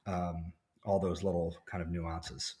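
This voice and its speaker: Low-voiced man telling stories loosely. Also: slow. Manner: relaxed storyteller, many fillers and restarts. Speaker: actor guest. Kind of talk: casual interview chat.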